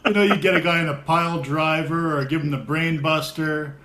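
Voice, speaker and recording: A man chatting casually with friends, an animated storyteller who laughs often. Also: fairly high pitch, a little fast. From America. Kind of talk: casual chat. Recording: echoey room with faint noise.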